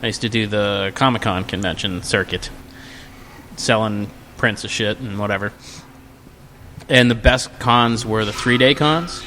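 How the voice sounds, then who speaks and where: A man's voice: fairly low pitch, a little slow, slight background noise. A man telling a drunken convention story in a casual podcast chat, acting out the quotes with a raised voice. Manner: animated, acts out quotes in a raised voice. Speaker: podcast guest.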